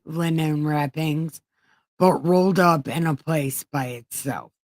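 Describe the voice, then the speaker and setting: A woman's voice: low-pitched, darkish tone, no room sound. A woman hosting an online show, reading scripture aloud with irreverent comic asides and casual swearing. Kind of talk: comedic Bible reading.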